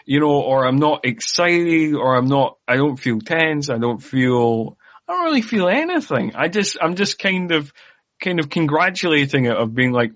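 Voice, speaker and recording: A man's voice: a little high, sing-song, moderate pace, fairly bright tone. A man co-hosting a podcast, talking in a casual, rambling way full of fillers and wry asides. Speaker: podcast co-host. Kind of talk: casual chat. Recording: dull lo-fi podcast audio.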